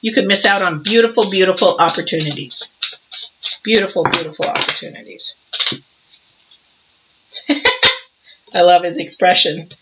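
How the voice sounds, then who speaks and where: Woman, 60s, tarot reader, preachy and animated, slightly muffled home recording. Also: on the low side, a little slow, pauses often, background noise. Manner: emphatic, preachy, acts out little scenes. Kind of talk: casual tarot reading monologue.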